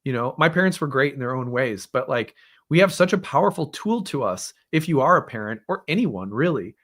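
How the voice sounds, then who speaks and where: A man in his thirties tells a personal story on his astrology show in a loose, candid way. He mocks himself and breaks into laughter often. His voice sits at an ordinary middle pitch for a man. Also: expressive, brisk, fairly bright tone. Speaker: astrology host.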